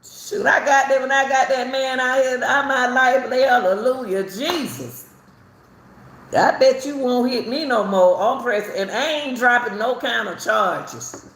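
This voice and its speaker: A middle-aged woman from Chicago tells her own story in a casual, animated way, laughing often and repeating herself. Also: high-pitched, a little slow. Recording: roomy echo, faint ambience.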